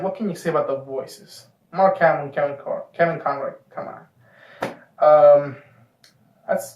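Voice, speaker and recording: A man hosting a casual film review, talking enthusiastically and rambling, with the odd swear word. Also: fairly high pitch. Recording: echoey room, far from mic.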